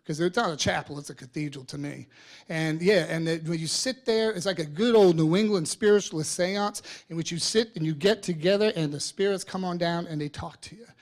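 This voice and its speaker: A man in his fifties, an artist, giving a storytelling talk to an audience, acting out quoted voices and swinging between soft and loud. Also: on the high side, fairly quick.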